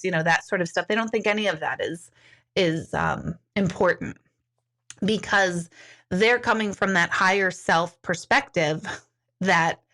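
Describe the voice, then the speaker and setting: A woman who works as an intuitive, answering viewer questions in a casual talk and thinking aloud with pauses and restarts. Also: fairly low pitch, a bit bright.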